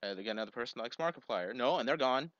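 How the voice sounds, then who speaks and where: Animated, exasperated man on lo-fi audio. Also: mid-range voice, rapid-fire, dry recording. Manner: exasperated, rambling, bursts into loud yelps. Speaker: video creator. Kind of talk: casual commentary while video chatting. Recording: dull lo-fi recording.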